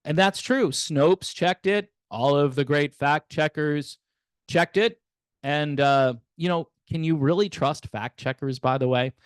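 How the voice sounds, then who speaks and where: A man's voice: on the high side, measured pace, clean tone, no echo, clean studio sound. A man hosting a casual political commentary monologue, sarcastic and wry, chuckling and talking straight to his viewers. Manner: conversational, addresses viewers directly.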